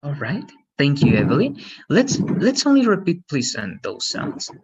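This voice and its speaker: A man's voice: fairly high pitch, wildly swooping pitch, a little slow, lo-fi sound, background noise. A man teaching an English lesson, patiently explaining and often checking in with "right?".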